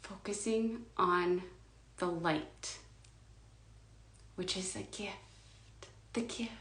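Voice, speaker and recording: A woman giving a spiritual coaching monologue, slow and emphatic, often sinking to a hushed whisper. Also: mid-range voice, steady tone, reverberant.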